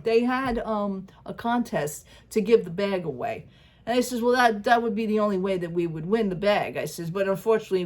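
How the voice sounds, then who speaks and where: Chatty New woman telling a story. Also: fairly low pitch. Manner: chatty storyteller, acts out dialogue, laughs often. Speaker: vlogger. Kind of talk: casual chat to camera.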